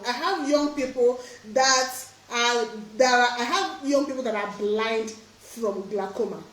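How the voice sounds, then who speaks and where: High-pitched woman eye doctor doing a live q&a, laughs a lot, earnest, roomy echo on her voice. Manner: laughs often, earnest and emphatic. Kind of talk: live stream Q&A, casual advice.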